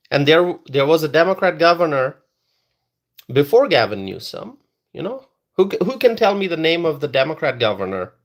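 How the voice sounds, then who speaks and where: A man hosting a live political stream, talking straight to his chat viewers and repeating phrases for emphasis. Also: a little high. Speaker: political livestream host.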